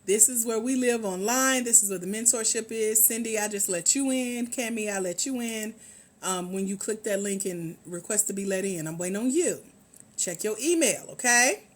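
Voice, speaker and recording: A woman hosting a casual livestream about grants, talking chattily and greeting viewers by name. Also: mid-range voice. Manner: lively, chatty, drawn-out repetition, calls out viewers by name. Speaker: livestream host, grants mentor.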